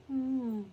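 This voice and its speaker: A woman's voice: high voice, dark tone, a little hiss or hum. A woman beauty vlogger chatting casually and rambling in a down-to-earth way while she does her makeup at home.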